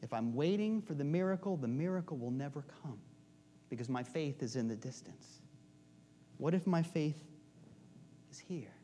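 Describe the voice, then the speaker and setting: Man, high voice, conversational sermon, storytelling, loud emphasis, hushed asides. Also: animated, moderate pace, long pauses, slight background noise. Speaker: minister.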